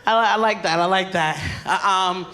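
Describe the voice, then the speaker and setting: Woman doing standup on a stage mic, bright punchy voice, laughs through her lines. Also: medium pitch, normal speed. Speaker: stand-up comedian. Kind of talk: stand-up comedy set.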